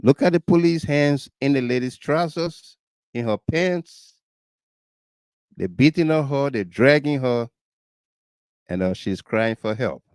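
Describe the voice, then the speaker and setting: A man's voice: medium pitch, lively intonation, unhurried, pauses often, a little mellow, clear, resonant tone, dry recording. Indignant Liberian man hosting commentary. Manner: urgent, indignant, repeats phrases for emphasis. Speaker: host commenting on video clips. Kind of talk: talk-show commentary.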